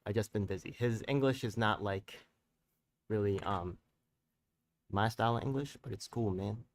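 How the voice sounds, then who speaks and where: Heated, profane and rambling, this live-stream host is a community activist who leans on street slang and keeps firing tag questions at viewers. He has a fairly low pitch, and the mic is distant.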